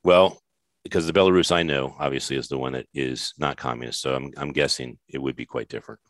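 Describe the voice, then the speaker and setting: A man's voice: rumbling low, fairly even intonation, fast, no room sound, clean studio sound. A man hosting a podcast interview, talking in a rambling, effusive, jokey way. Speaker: podcast host. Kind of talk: casual interview chat.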